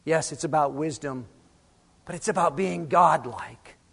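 A man's voice: fairly high pitch, a little slow, vocal fry, a bit bright, breathy edge, long reverb tail. A man preaching a sermon as pastor, emphatic and full of rhetorical questions.

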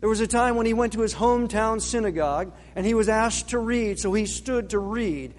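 A male pastor delivering a sermon in a somewhat high voice. He leans hard on key phrases, stretching them out and letting them sink low and quiet. The sound carries a long reverb, like a church hall. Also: a little hiss or hum. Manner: emphatic, slowing for stress and dropping low on key words.

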